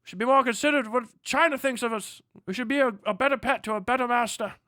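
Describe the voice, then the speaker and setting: A groveling, pompous male politician speaking in a raised, mock-earnest tone, as a man sends him up. The voice sits well above his usual pitch and sounds strained and different from it. It is recorded dry and close. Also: fast, sharp tone, no room sound.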